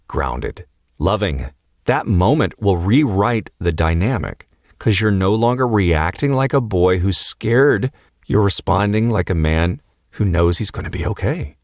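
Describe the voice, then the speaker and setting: Deep-voiced man giving calm marriage advice. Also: no echo, studio quality. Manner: calm, earnest, repeats phrases for emphasis. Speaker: marriage coach. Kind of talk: motivational advice talk to husbands.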